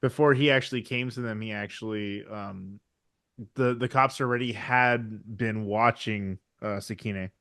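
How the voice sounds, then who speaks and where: Halting, sweary podcast co-host, a man. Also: lowish voice, fairly even intonation, fairly bright tone. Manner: halting, sweary, quick to laugh, with restarts. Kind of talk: casual chat.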